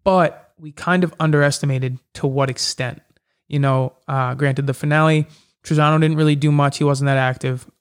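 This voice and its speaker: A man, a mixed martial arts fighter, talking casually in an interview, telling stories quickly with lots of fillers. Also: on the high side, fairly even intonation, clean tone. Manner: chatty, quick storytelling with many fillers. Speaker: MMA fighter.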